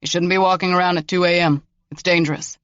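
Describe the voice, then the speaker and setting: A man voicing a polite uniformed police officer who speaks in a sharp, formal way in an audiobook. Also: high voice, flat delivery, fast, clean tone, dry recording, dull audio.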